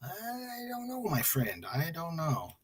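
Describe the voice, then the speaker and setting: Slow, husky-voiced man chatting. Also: fairly high pitch, wildly swooping pitch. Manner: chuckling, muttering, hums and scats to himself. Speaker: livestream host. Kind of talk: casual chat reading memes aloud.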